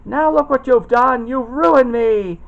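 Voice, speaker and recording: Guy doing a shrill nasty witch voice, screechy and high, storybook. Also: slow, gravelly, dull audio, exaggerated voice. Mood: shrieking. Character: screeching wicked old witch, cruel.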